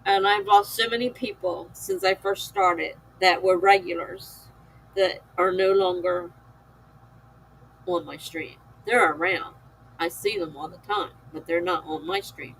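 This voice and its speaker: An American woman with a lowish, slightly bright voice chats slowly and wearily with her live-stream viewers, reading their chat and laughing often. The recording is low quality, with a little hiss or hum.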